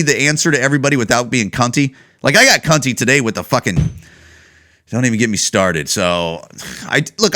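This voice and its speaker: Animated, profane male podcast host. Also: mid-range voice. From Chicago. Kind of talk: casual comedic rant.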